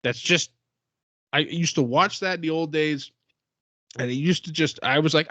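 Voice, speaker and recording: A man's voice: a little high, normal speed, bright, forceful tone, dry recording, highs cut off. A man co-hosting a podcast, chatting eagerly about wrestling and laughing often. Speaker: podcast co-host. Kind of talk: casual wrestling chat.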